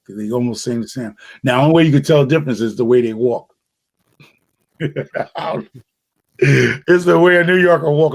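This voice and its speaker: Laid-back New man chatting. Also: mid-range voice. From New York City. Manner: rambling, laid-back, slangy. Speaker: podcast host. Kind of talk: casual chat.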